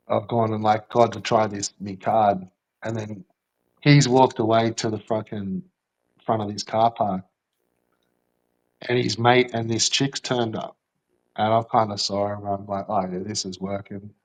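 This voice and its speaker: A man's voice: fairly low pitch, low-quality recording. A man telling a rambling, swear-filled story in casual chat, with lots of fillers.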